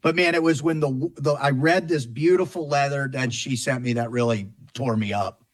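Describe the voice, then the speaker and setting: A middle-aged man talking as a guest in a casual interview, heartfelt and reflective, often pausing and restarting. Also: medium pitch.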